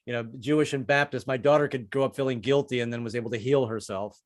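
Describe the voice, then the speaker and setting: A man's voice: steady tone, fast. An older man performing a stand-up set in a comedy club, chatty and self-deprecating, with lots of restarts. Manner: chatty, self-deprecating, jumps into high-pitched character voices for quoted people.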